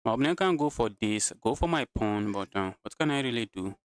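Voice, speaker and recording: A man's voice: medium pitch, expressive, fairly quick, clean tone. A man commentating his own live chess games, talking to his chat and repeating phrases while he plays, sounding tired. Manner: repeats himself, talks to chat. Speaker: chess streamer.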